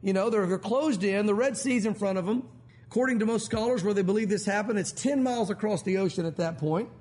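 A middle-aged pastor preaches an animated sermon full of stories, acting out the voices of the people he quotes. He speaks quickly in a high-pitched voice.

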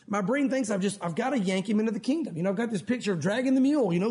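A man's voice: extremely high pitch, racing, few pauses. A middle-aged man preaching a sermon, telling stories and acting out the people he quotes. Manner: animated storytelling, acting out quoted voices. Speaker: pastor.

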